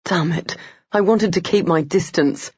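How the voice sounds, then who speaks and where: Here is a narrator playing a restless nobleman, pacing and protective, whose questions leap suddenly higher. The voice is gravelly and husky, heard on a dull, lo-fi audiobook recording. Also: a little slow, no echo. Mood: tense. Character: agitated aristocratic man, brooding and protective.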